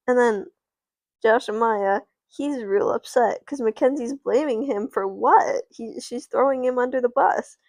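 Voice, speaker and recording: Slow, gravelly woman narrating doll play. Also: fairly high pitch, dry recording. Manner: meandering, self-interrupting, laughing. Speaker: streamer. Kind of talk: rambling improvised doll play story on a livestream.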